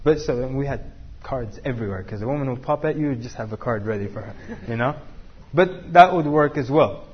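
A man's voice: mid-range voice, expressive, fairly quick, breathy edge, lo-fi sound. A man teaching a class, joking and asking the room questions. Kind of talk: interactive class talk with students.

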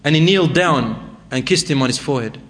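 Emotive high-voiced male preacher. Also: animated, brisk, fairly bright tone. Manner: emotive, acts out quoted voices with rising intensity. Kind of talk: sermon storytelling.

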